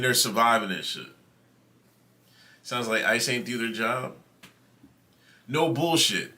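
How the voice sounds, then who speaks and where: Telling his stream chat a story, a host talks in a loose, foul-mouthed, conversational style. His voice is on the low side, pushed and bright.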